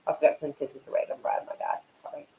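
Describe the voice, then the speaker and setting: A man's voice: fast, dark tone, slight background noise, low-quality recording. A man hosting a casual live stream and chatting with viewers, rambling and swearing while he smokes. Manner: rambling and profane, many fillers; smoking while talking.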